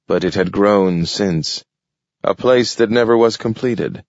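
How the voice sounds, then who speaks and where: A man narrates an audiobook in a very deep, steady voice, paced with care. The recording is dull and lo-fi, with a close, dry sound and no room echo. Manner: measured, steady storytelling. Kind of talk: scripted narration.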